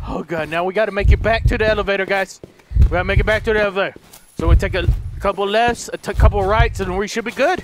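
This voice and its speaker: Very high-voiced panicky man gaming. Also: fairly even intonation, fast, background noise. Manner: panicky, screaming, melodramatic. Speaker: gaming video host. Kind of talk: horror game commentary. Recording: loud background music.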